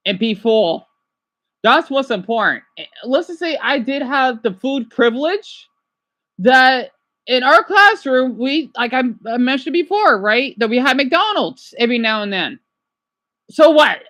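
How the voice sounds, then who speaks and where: An agitated woman rants on a casual livestream. Her voice sits high and swoops wildly, flaring into angry outbursts before dropping to hushed apologies.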